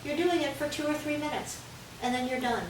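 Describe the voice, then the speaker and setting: A woman's voice: high voice, a little fast. Woman dog trainer in an echoey room. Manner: clear, step-by-step explaining. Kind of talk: instructional talk. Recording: echoey room, distant mic, faint hiss.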